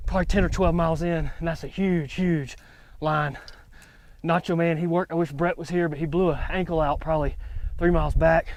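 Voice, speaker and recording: A man's voice: a little high, brisk, no room sound. Breathless man recapping a hunt. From Georgia, USA. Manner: animated, breathless storytelling. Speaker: hunter and show host. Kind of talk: excited outdoor recap. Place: outdoors on a mountain rim.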